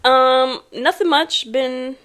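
A woman's voice: high voice, slow pace, fairly bright tone. A woman co-hosting a podcast in casual chat, with a playful, joking manner. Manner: playful, laughing, casual banter. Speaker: podcast co-host.

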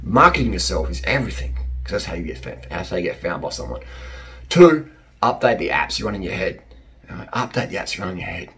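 A man's voice: low voice, big pitch swings, fast talker, fairly bright tone. A middle-aged man giving blunt dating advice in a casual monologue, joking and repeating his points.

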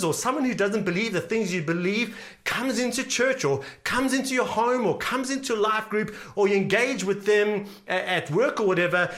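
A man's voice: high voice, fairly bright tone. A male pastor preaching a sermon earnestly, repeating key phrases for emphasis.

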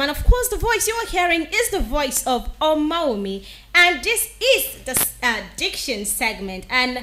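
A woman from Nigeria presenting a radio diction segment, spelling place names slowly and repeating each one carefully. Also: high voice, sing-song, sharp tone, reverberant, faint music behind. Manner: slow deliberate spelling, repeats each word. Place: radio studio.

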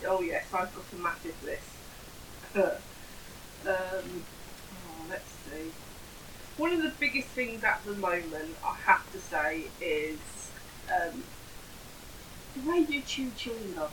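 A woman's voice: lowish voice, animated, slow, long pauses, a bit bright, a little hiss or hum, low-quality recording. Teasing English woman in her forties. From Northamptonshire, England. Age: 40s. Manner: teasing, laughs easily, drops to a breathy whisper at times. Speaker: podcast co-host. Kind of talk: casual banter.

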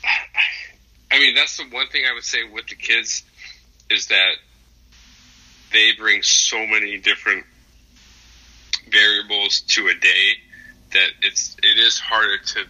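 Swearing man telling a story, bright tone. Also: fairly low pitch, steady tone, unhurried, pauses often, poor audio. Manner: swears often, rambling with fillers. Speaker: podcast co-host. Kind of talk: casual chat, profane storytelling.

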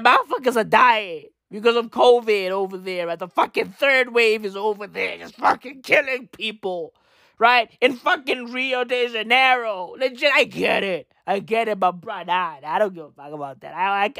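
A man's voice: high-pitched, normal speed, creaky, hardly any pauses, sharp tone, no echo, studio quality. A man in a profane, rambling comedic rant who repeats his phrases and swears constantly. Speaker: vlogger.

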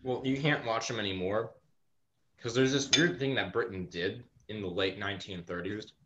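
Deep-voiced man running a game. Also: normal speed. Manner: explanatory, opinionated, lecturing. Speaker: game master. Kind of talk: casual game session chat. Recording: muffled call audio with faint noise.

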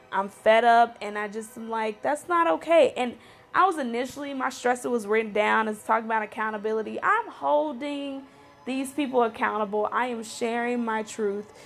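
A woman talks straight to her viewers in a fervent, frustrated flow, her slightly raised voice stumbling through fillers and restarts as she presses her point. Faint music sits underneath. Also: a little high. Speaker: series host addressing viewers. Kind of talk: impassioned personal commentary to camera.

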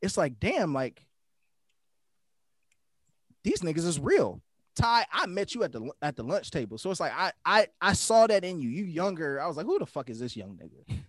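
A young man speaks in casual chat among friends, his voice high and bouncing with feeling. He is emphatic and heartfelt, swearing freely and repeating phrases to drive a point home. The sound is dry and close. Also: big pitch swings, normal speed, long pauses, fairly bright tone, no echo.

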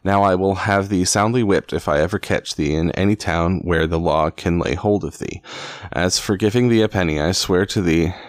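A man's voice: low voice, normal speed, no room sound, close to an everyday voice. A man voicing a lean, sour rich grain hoarder in a read-aloud storybook, with a haughty, snarling manner. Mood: sour scorn.

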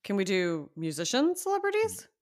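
A woman's voice: medium pitch, huge pitch swings, normal speed. A woman co-hosting a podcast, chatting casually and teasing playfully. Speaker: podcast co-host. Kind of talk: casual chat.

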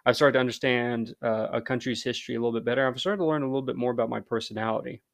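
A man's voice: mid-range voice, steady tone, racing, vocal fry, no room sound. An American man hosting a podcast in a casual, rambling monologue full of fillers and self-deprecating asides. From United States. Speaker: podcast host.

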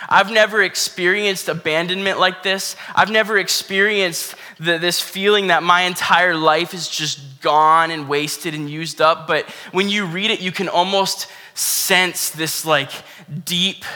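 A man's voice: fairly high pitch, pushed and bright. A man giving a casual, earnest sermon, talking conversationally with lots of "like" and "you know". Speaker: pastor. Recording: long hall reverb.

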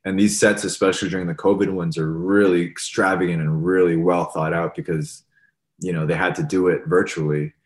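Young man, very low voice, laid-back interview guest, filler-heavy. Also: a little fast. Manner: relaxed, rambling, many fillers like "like" and "you know". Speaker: musician guest. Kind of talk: casual interview talk.

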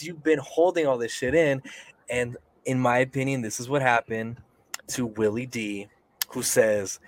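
A man's voice: mid-range voice, no echo. A young man venting on a casual podcast, swearing and sighing as he gets worked up. His voice sits in an ordinary middle range. The sound is close and dry, with no room in it. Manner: heated, profane ranting with sighs. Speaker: podcast co-host.

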